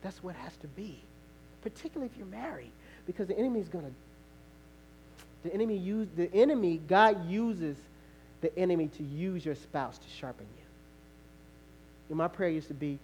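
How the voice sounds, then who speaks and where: A male pastor preaching a sermon, telling a story in a conversational way with laughter and sudden shouts. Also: high voice, normal speed, long pauses, slight background noise.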